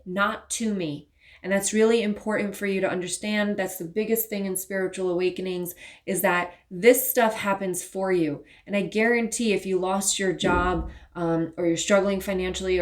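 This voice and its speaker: A woman talks her viewers through a spiritual tarot reading in a loose, casual way. She sounds earnest and now and then pleading, with plenty of fillers and restarts. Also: mid-range voice. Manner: earnest, pleading, gets emotional at times. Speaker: tarot reader and spiritual channel.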